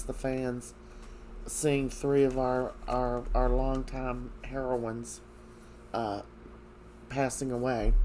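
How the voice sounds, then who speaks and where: A man giving a casual recap of soap opera episodes, hesitant, with many fillers and frequent throat clearing. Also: mid-range voice, a little mellow, slight background noise.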